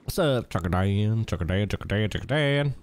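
A man's voice: fairly low pitch, lively intonation, fairly quick. A man streaming a role-play game, chatting casually in character with friends, teasing and laughing often.

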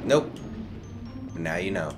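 A man's voice: deep voice, very animated, slow, music in the background. A man co-hosting a gaming video, teasing his friend in casual banter. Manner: teasing, jokey. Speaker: let's play co-host.

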